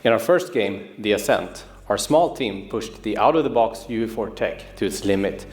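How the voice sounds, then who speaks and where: A man, a game studio's creative director, giving a polished, measured scripted presentation. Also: lowish voice, animated, darkish tone. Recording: roomy studio video with music underneath. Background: music.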